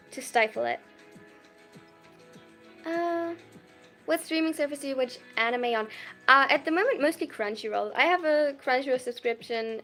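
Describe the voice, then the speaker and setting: This is a high-pitched, youthful voice with a clear German accent, streaming from a home room. The talk is loose and bubbly, full of gushing thanks and little laughs while viewer messages are read aloud. Soft music plays faintly underneath. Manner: bubbly and effusive, quick to gush thanks and laugh. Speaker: livestreamer. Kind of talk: casual livestream chat, reading viewer messages aloud.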